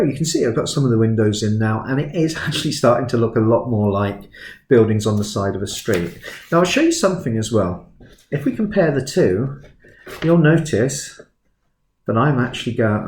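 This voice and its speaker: A man in his fifties giving a relaxed sketching tutorial, chatty and self-deprecating, drifting into stories as he works. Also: lowish voice, echoey room. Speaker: art tutor.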